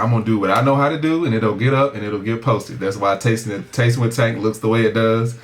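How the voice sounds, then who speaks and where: A man co-hosting a podcast in relaxed casual chat, laid-back and quick to laugh. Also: lowish voice. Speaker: podcast co-host.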